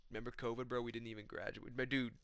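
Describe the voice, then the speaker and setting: A man doing an impression of a quiet, easygoing young fighter, speaking low and mumbled. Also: level tone, quick pace, smooth, dry recording, studio quality, close to an everyday voice. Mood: reminiscing.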